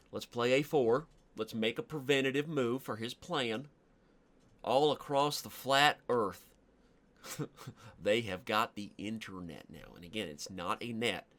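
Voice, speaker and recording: A man with a lowish voice, joking his way through live chess commentary. He rambles playfully between moves as he streams. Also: fairly bright tone.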